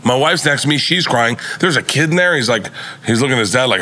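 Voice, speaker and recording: A middle-aged comedian tells a long story on a podcast, swearing freely and tumbling over his own words. His voice is bright and forceful, and his pitch sits at an ordinary middle height for a man. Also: fast talker. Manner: profane, excitable, rambling with restarts. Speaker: comedian guest.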